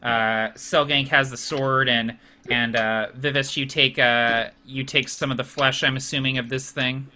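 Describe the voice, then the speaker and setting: A man's voice: mid-range voice, steady tone, unhurried, pushed and bright. A man narrating a tabletop game as game master in a casual way, with frequent fillers and restarts.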